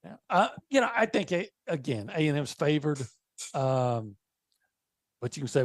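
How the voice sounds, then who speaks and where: A man's voice: a little high, sing-song, no echo, clean studio sound. A man co-hosting a sports radio show, breaking down the game with puns and careful, restarting sentences. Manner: wordplay, measured analysis with restarts. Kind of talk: casual sports radio chat. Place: radio studio.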